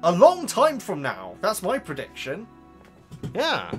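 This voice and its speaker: A man chats to camera as he reads viewer comments aloud, his voice sitting high and swinging widely up and down. He talks in an animated way, tripping over his words and restarting his sentences. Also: slow pace, faint music behind. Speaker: video host reading viewer comments. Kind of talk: casual chat to camera.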